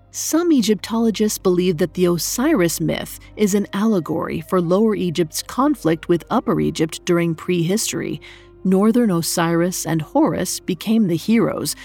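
A woman narrates a myth in a scripted, measured and dramatic way. Her voice sits low, with a gravelly, creaky texture throughout. She has the steady pacing of a prepared storytelling reading.

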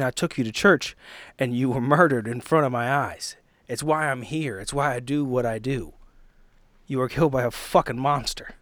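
A man's voice: on the low side, no echo, clean studio sound, lightly acted. A man playing a haunted, hard-drinking monster hunter confronting his dead wife, by turns stunned and raw with grief. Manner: stunned, then anguished and shouting.

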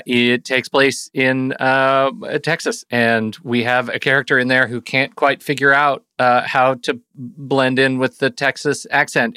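A man co-hosting a casual movie podcast, animated and laughing often, handing turns to the others. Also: mid-range voice, clean tone, no room sound. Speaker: podcast co-host.

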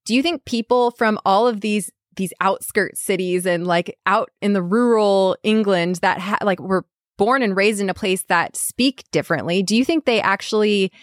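A woman's voice: mid-range voice, moderate pace, no echo. A young American woman chats as a podcast guest with a bubbly, easygoing manner and frequent laughs. Her voice sits in a middle range. The recording is dry and close. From United States. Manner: bubbly, laughs often, lots of "like" and "you know". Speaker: podcast guest, English teacher. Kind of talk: casual chat.

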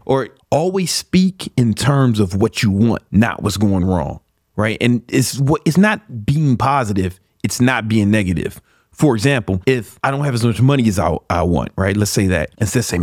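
A man's voice: mid-range voice, very animated, moderate pace, dry recording, studio quality. A man from Chicago hosting a podcast, giving a motivational talk in a blunt, profane, slang-heavy way. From Chicago, USA. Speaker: podcast host.

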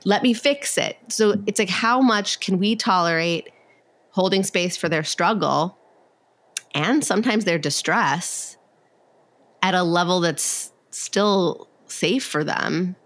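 Woman, low voice, therapist, casual podcast chat, lots of "like" fillers. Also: slow, a bit bright. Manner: conversational, many fillers, acts out quoted voices.

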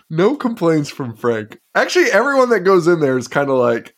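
A man co-hosting a podcast, recapping films in casual chat, swearing and laughing as he rambles. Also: high voice. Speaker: podcast co-host.

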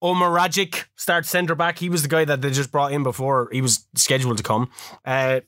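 Guy cohosting, bright higher voice, swears a lot, laughs all the time, dry close sound. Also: fairly quick, no room sound. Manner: swears freely, laughs often, animated storytelling. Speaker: podcast co-host. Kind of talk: casual chat.

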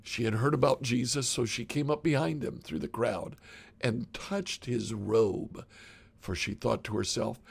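A man reading a Bible passage aloud in a measured, plain way. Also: medium pitch, fairly even intonation, vocal fry, breathy edge. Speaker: scripture reader.

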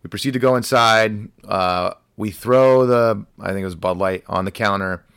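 A man's voice: fairly low pitch, moderate pace, vocal fry, clean tone, no echo, studio quality. A young adult man, a podcast guest, casually telling a funny story from his teenage years. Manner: animated anecdote telling, acts out quoted voices.

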